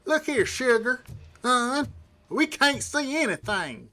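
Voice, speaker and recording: A man's voice: very high voice, very animated, takes it slowly, bright, forceful tone, voice pushed up, exaggerated voice. Man putting on a syrupy Southern woman. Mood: mocking. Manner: drawling, syrupy, mocking. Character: exaggerated sweet-talking Southern woman.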